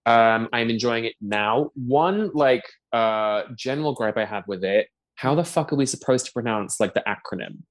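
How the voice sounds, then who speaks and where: A man's voice: medium pitch, normal speed, hardly any pauses. Podcast guest: man, upper-middle-class London accent, loose gossipy chatter. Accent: posh London English. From England. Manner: chatty, gossipy, lots of "like" fillers. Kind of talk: casual chat.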